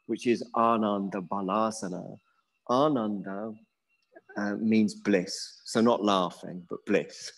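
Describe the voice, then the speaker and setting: A middle-aged man with a relaxed, musing manner, leading a yoga class and drawing out words slowly. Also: medium pitch, rough recording. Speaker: yoga teacher. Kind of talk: guided yoga class instruction.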